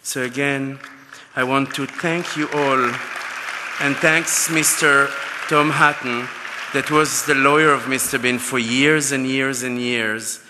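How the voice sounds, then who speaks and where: A man's voice: medium pitch, steady tone, slow, crowd noise, background noise. A man giving an acceptance speech at a gala, telling heartfelt stories. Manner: heartfelt, anecdotal storytelling. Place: large gala ballroom. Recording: long hall reverb.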